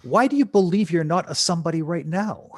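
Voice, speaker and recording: A man's voice: on the high side, expressive, fairly quick, no room sound, clean studio sound. A man speaking as a podcast guest, telling stories and reflecting with rhetorical questions. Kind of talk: conversational storytelling.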